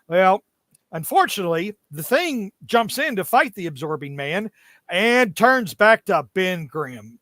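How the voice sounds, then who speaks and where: Bright and fairly high, this young man's voice swings widely in pitch as he co-hosts a podcast about comic book issues. His casual recap is jokey and halting, packed with fillers. The studio recording is clean, with no echo.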